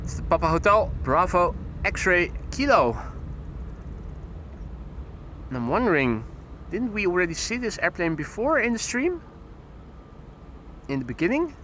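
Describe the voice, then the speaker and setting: A fairly high-pitched man calls out departing flights on a live plane-spotting stream. He mixes registration details with dry little jokes. He is outdoors by the runway, with a faint hum of outdoor ambience behind him. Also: sing-song, normal speed, a bit bright. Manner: wry, joking asides between flight details. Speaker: plane-spotting livestream host. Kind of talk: live aviation commentary.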